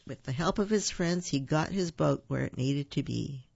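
A reader reading a children's storybook aloud, pausing with ums to explain words to the listeners. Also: mid-range voice, creaky, darkish tone, slightly rough, no echo. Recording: dull, dry recording.

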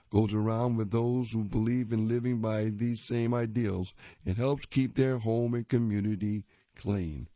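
A man's voice: medium pitch, warm tone, no echo, dull audio. A man reading children's comic strips aloud in a playful, jokey way, doing voices for the characters.

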